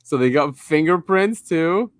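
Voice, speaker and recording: A man's voice: fairly high pitch, lively intonation, measured pace, dry recording. A man co-hosting a podcast in casual chat, rambling a little and reading article passages aloud, recorded on a close mic. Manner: rambling, chuckles often, reads articles aloud. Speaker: podcast co-host.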